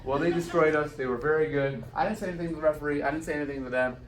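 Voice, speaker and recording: A man's voice: a little high, very fast. A man speaking at an event, telling a personal story and slipping into the voices of the people in it. The room is echoey and he sits some distance from the microphone, so the sound feels open and roomy. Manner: animated storyteller acting out quoted dialogue. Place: event hall.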